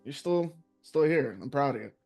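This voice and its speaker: Gravelly-voiced man playing a tabletop game. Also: medium pitch, lively intonation, moderate pace, a little mellow, soft background music. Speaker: player. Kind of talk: in-character tabletop role-play.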